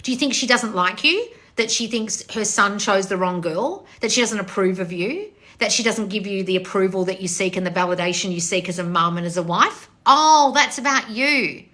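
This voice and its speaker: A woman's voice: medium pitch, brisk, few pauses, bright, forceful tone. A woman coach hosting a live-stream Q&A on her phone, bluntly answering viewer comments with frequent swearing and laughter. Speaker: manifestation coach.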